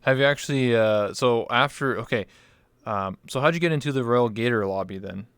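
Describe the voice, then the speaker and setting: A man's voice: mid-range voice, a little fast, a bit bright, clean tone, no room sound. A man hosting a late-night online interview show, joking in a laid-back way. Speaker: talk show host. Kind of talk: casual interview chat.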